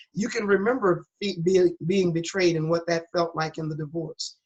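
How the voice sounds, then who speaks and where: A middle-aged woman pastor, appearing as a guest, gives an earnest, candid account of her own life, stressing words the way a preacher does. She speaks at a moderate pace in a lowish, slightly mellow voice with fairly even intonation. The lo-fi recording sounds dull.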